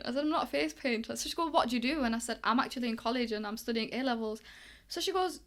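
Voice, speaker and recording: Chatty young Englishwoman, slightly high. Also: racing. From England. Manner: chatty, lively, acts out quoted dialogue. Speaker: guest, boxing coach. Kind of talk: casual storytelling interview.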